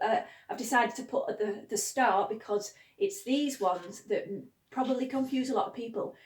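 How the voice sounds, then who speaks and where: A woman's voice: medium pitch, far from the mic. A woman teaching pronunciation in a chatty way, leading the class in repeated sing-song chants. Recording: echoey room.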